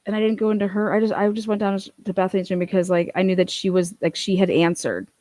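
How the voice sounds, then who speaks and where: A woman picking apart a case in loose, casual commentary, talking bluntly and swearing often. Her voice sits at an ordinary middle pitch. The sound is close and dry, with no room around it. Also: fairly even intonation, fast, mellow, no room sound. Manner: blunt, profane, incredulous. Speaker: true-crime commentator.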